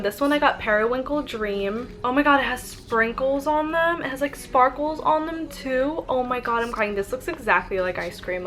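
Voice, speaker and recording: A woman's voice: fairly high pitch, fairly bright tone. Gushing girly young woman vlogger. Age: young adult. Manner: gushing, girly, full of "like" and "oh my god". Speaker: YouTuber. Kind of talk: casual product review vlog.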